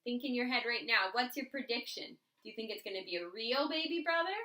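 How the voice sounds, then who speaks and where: A woman teacher reading a picture book aloud to children in an expressive, animated way. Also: fairly high pitch, fairly quick. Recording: roomy echo.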